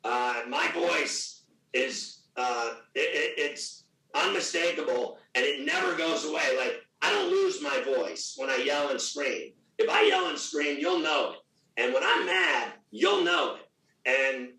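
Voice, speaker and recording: A middle-aged man with a gravelly voice, talking loudly, boastfully and with a lot of swearing in a casual interview. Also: a little high, a little slow, recorded from a distance. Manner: loud, profane, boastful. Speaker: radio host guest. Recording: echoey room, off mic.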